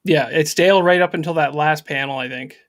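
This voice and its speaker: Higher-voiced guy cohosting a comic chat, short comments, lots of yeah. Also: fairly quick, fairly bright tone. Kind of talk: casual live-stream chat about comics.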